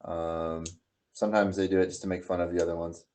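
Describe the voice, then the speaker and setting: Deep, mellow Californian man. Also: flat delivery, fast talker. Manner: easygoing, hesitant ums. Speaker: language exchange partner. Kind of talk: casual online conversation.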